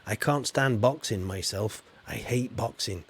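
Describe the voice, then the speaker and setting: A man's voice: fairly low pitch, measured pace, slightly rough. A man from England, chatting casually while streaming a game. He rambles in a chatty, playful way. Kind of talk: casual live gameplay chat.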